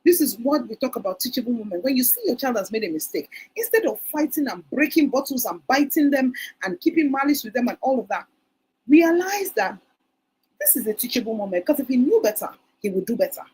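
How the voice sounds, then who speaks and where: A woman's voice: high-pitched, very animated, a little fast, darkish tone, slightly rough, low-quality recording. A woman giving a parenting talk at a conference, telling stories and acting out parents' words. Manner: storytelling, acts out parents' quotes. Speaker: conference speaker. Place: conference hall.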